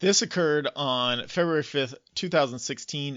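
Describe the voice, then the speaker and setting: A man co-hosts a casual podcast from home, reading through his research and dropping dry asides between facts. His voice has a gravelly, bright edge, and the recording is dry and a little dull. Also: medium pitch, moderate pace, hardly any pauses, dry recording. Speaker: podcast co-host. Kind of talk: casual chat reading notes. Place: home office.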